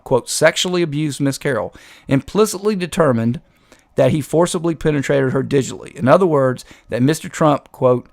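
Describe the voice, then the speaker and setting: Gravelly sarcastic male commentator. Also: mid-range voice. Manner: sarcastic, combative. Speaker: host. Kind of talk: political commentary.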